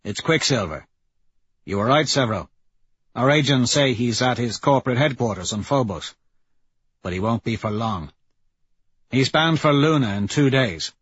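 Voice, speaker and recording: A man voicing a grim, serious male soldier commander who reports in a flat, businesslike way. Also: mid-range voice, normal speed, pauses often, slightly rough, no room sound, muffled recording.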